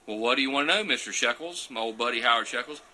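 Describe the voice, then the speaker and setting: A man's voice: mid-range voice, quick pace, sharp tone, poor audio. A man answering viewer questions in a loose, chatty live session, recorded on a phone. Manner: chatty, loose and digressive, reading out comments as he goes. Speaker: champion turkey caller answering viewer questions. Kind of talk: casual live Q&A and demonstration.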